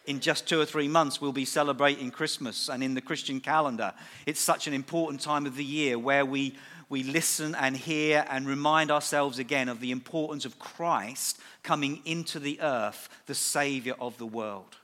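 A middle-aged man's mid-range voice, bright and forceful, delivers a sermon during a church service at a normal speed with fairly even intonation. He's emphatic and repeats important phrases for weight, and the recording echoes like a church hall.

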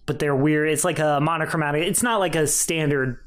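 A man's voice: fairly high pitch, fairly even intonation, a little fast, a bit bright. A young man co-hosting a podcast, giving candid, rambling opinions in casual chat. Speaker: podcast co-host.

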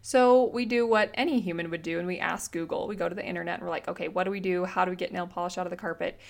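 A woman's voice: on the low side, rapid-fire, vocal fry. Chatty woman podcaster telling a story. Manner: chatty and animated, with slang and frequent "like". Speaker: podcast host. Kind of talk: casual storytelling monologue.

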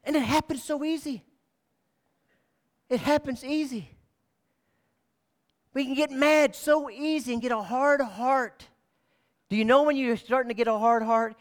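A man preaching a sermon as pastor, shouting at the peaks and dropping to quiet, low asides. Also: fairly even intonation, a little slow, long pauses. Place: church sanctuary.

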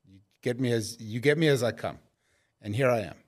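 A man with a South African accent tells his story in a relaxed, rambling way, circling back and restarting his sentences. His voice sits at an ordinary middle pitch and stays easygoing. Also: brisk. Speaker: guest. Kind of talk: casual conversational storytelling.

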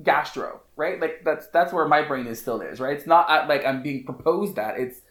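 A man's voice: on the high side, normal speed. Chatty man in a roomy echo. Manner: animated, repeats phrases, many fillers. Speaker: podcast guest, hairstylist. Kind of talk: casual storytelling chat.

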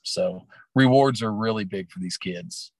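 A man's voice: lowish voice, unhurried, creaky, a little mellow, no echo. A man who teaches and coaches, talking casually in an interview about his classroom, rambling with lots of fillers. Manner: chatty, storytelling, lots of fillers.

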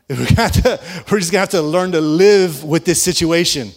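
A man preaching, an animated storyteller who laughs often and acts out the dialogue of his story. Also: a little high, normal speed. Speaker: pastor. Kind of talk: storytelling sermon.

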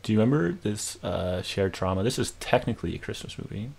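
A man's voice: lowish voice, lively intonation, fast talker, vocal fry, darkish tone. A young man co-hosting a podcast in casual chat, reacting with swears and jokes. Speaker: podcast co-host.

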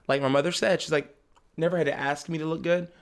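A young man with a slightly high, gravelly voice, chatting as a podcast guest. He tells his story in a lively way, often laughing and playing out the lines of the people in it. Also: quick pace. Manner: animated, acts out family members' lines; laughs often while talking. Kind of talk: casual storytelling chat.

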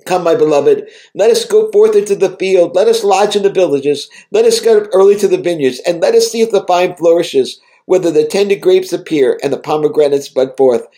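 A man voicing a gentle, welcoming male Jesus in a devotional reading, speaking warmly and encouragingly. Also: sits high, a little fast, few pauses, close to an everyday voice. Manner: warm and encouraging.

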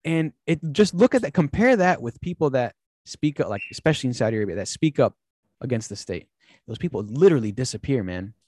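A man's voice: mid-range voice, dry recording, studio quality. A man hosting a casual podcast, telling stories with lots of fillers and acting out quoted speech. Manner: animated storyteller, acts out quoted speech; many fillers and restarts. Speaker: podcast host.

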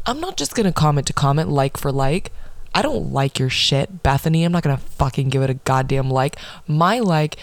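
A young woman in her early twenties hosting a podcast, ranting in casual chat with a sarcastic, profane and animated manner. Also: low voice, moderate pace, no room sound. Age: early 20s. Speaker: podcast host.

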